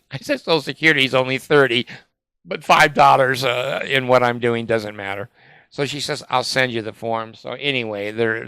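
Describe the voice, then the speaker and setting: An older man telling a rambling, profane personal story with many fillers, and he jumps up in pitch when he quotes other people. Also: creaky, bright, forceful tone, clean tone, no echo. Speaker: vlogger telling of his legal dispute.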